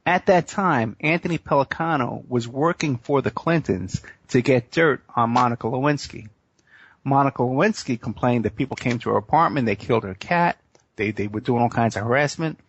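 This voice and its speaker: A man's voice: mid-range voice, normal speed, slightly rough, no room sound. A man hosting a radio talk show, telling a long story in a rambling way full of fillers. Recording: muffled dry radio audio.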